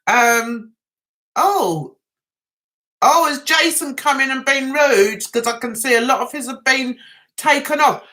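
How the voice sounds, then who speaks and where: A woman's voice: high-pitched, takes it slowly, long pauses, sharp tone. A woman with a London accent touched by Essex, hosting a casual live chat and talking to viewers in a chatty, sarcastic, teasing way. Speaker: livestream host.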